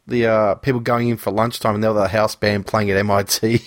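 A man's voice: lowish voice, little pitch movement, a little fast, dry recording. A man in casual chat, blunt and opinionated, swearing freely.

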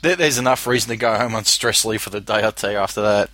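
A man's voice: on the low side, quick pace, pushed and bright, no room sound. A man hosting a casual podcast, teasing and bantering with his guest. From Australia. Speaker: podcast host.

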